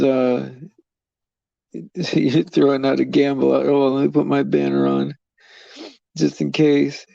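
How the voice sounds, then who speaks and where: A man with a mellow, gravelly voice chats loosely with viewers on a live stream, meandering between thoughts and chuckling often. The sound is dry and close, with slightly dull, lo-fi stream audio. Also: fairly high pitch, no echo. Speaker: livestream host.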